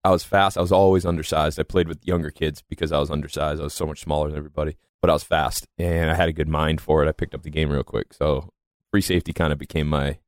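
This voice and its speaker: Fast-talking deep-voiced man, faded Boston accent. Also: little pitch movement, no echo, clean studio sound. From just north of Boston. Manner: laughs often, rambling storytelling. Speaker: podcast guest, fighter. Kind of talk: casual chat.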